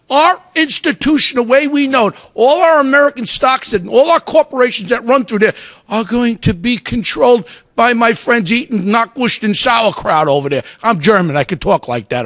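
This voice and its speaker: A man with a strikingly high voice rants on a talk radio show, loud and outraged, hollering his points. The sound is close and dry, with no room around it. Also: no room sound. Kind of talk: ranting talk radio commentary.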